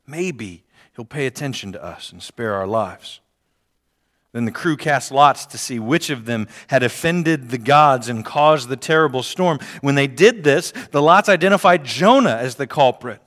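A man's voice: mid-range voice, animated, moderate pace, fairly bright tone. A man preaching a sermon, reading scripture aloud and repeating key phrases for emphasis. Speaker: pastor. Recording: long hall reverb.

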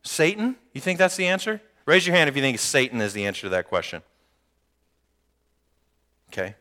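A man preaching a sermon in a church, his voice trailing off into a long hall reverb. His pitch sits mid-range for a man. He keeps things lively and throws joking asides to the congregation. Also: normal speed. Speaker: pastor. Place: church sanctuary.

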